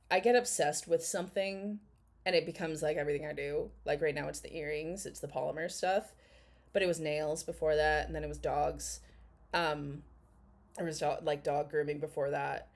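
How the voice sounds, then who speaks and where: This woman, a thirty-something commentary vlogger, talks over a video she's reacting to in a low, darkish voice at a moderate pace. Her tone is casual, blunt and sarcastic, and she swears and laughs often.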